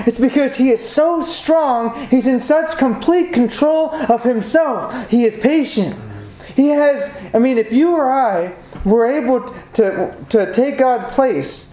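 A man with a high, slightly mellow voice preaches a sermon earnestly, building emphasis through repetition. The room is echoey, with faint background noise.

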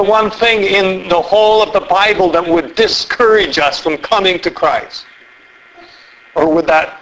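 Earnest male preacher, fairly high voice, reads scripture and presses rhetorical questions. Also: a bit bright, low-quality recording. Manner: earnest, asks the listeners many rhetorical questions. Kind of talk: sermon, reading and explaining scripture.

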